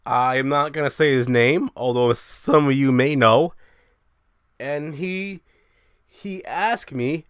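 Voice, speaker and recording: A young man hosting his own show, ranting in a brash, profane, animated way. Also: on the high side, a little slow, smooth, dry recording, clean studio sound. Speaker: show host. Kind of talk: casual ranting monologue.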